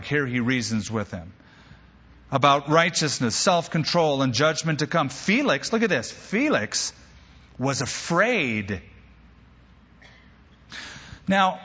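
A male pastor preaching a sermon, an animated storyteller who drops humorous asides. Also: medium pitch, breathy edge, big-room sound, lo-fi sound.

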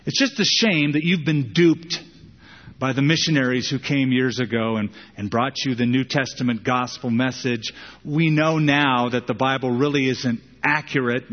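A man's voice: medium pitch, long reverb tail, dull audio, lightly acted. A man voicing a condescending agnostic professor in a sermon story.

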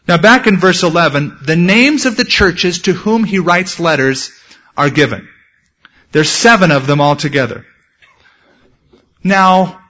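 Male pastor, fairly high voice, animated sermon delivery, dull lo-fi recording. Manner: animated storytelling, shouts acted quotes. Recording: dull lo-fi sound.

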